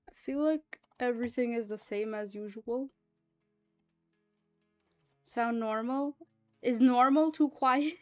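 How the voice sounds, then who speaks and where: A woman's voice: on the high side, takes it slowly, pauses often, no room sound, faint music behind. A woman streamer in casual livestream chat, rambling and chatty and swearing freely.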